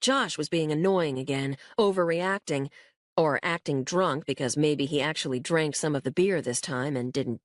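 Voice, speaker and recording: A woman narrating a horror audiobook in an even storytelling manner, giving the characters voices. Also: fairly low pitch, no echo, studio quality. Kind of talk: scripted narration.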